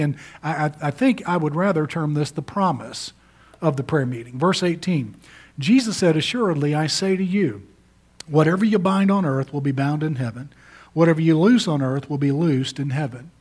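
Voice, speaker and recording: A man's voice: fairly high pitch, a little mellow. A middle-aged male pastor preaching a sermon, stressing key words emphatically.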